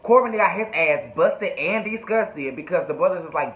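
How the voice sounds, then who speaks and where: A sassy, chatty man recaps a TV show, cursing freely. His voice is fairly high and bright and tense. It sounds dull and lo-fi in an echoey room. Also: animated, normal speed, hardly any pauses. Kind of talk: casual TV recap.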